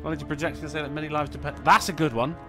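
A man streaming a video game, chatting with viewers, excitable and swearing, yelling when things go wrong. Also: a little high, rapid-fire, music in the background. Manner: excitable, sweary, yells in panic. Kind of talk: live game commentary.

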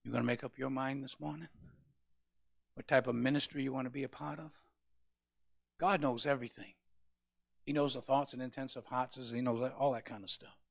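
A male pastor preaching a sermon, with passionate rises to loud peaks. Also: medium pitch, creaky, no echo, clean studio sound.

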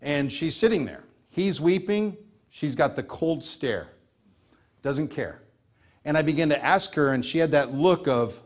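A man's voice: on the high side, animated, unhurried. An American man preaching a sermon as pastor, earnest and repeating key phrases for emphasis.

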